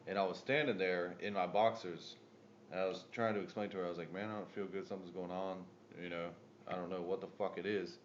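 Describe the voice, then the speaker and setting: Man, low voice, profane casual chat, muffled audio, faint hiss. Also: fairly even intonation, fast talker. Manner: profane, loud bursts when retelling a story. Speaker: podcast co-host.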